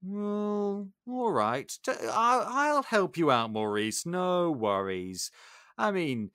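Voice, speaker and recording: A man putting on a vain young village hunk, smug and self-satisfied, in a lively retelling. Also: high-pitched, slow, clean tone, dry recording, studio quality, full character voice.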